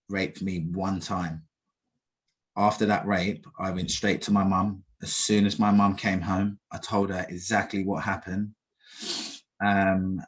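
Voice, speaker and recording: A young man recounts his past in an interview. His voice sits low and stays flat. He talks haltingly, full of fillers and restarts. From England. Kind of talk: personal testimony in an interview.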